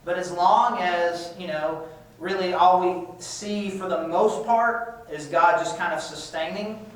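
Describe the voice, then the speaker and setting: A man gives a casual classroom lecture, his voice on the higher side, talking loosely and often restarting his sentences. He is picked up from a distance in a strongly echoing room. A faint hiss sits under the recording. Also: a little slow. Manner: conversational, with frequent restarts and repetitions. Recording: echoey room, far-off mic, faint hiss.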